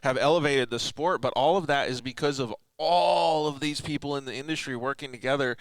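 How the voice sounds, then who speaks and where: A man's voice: mid-range voice, a little fast, no echo, rough recording. Easygoing male host, mid-range voice, casual slang, dry studio sound. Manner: easygoing, jokey, says dude and like. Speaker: podcast host. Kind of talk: casual podcast chat.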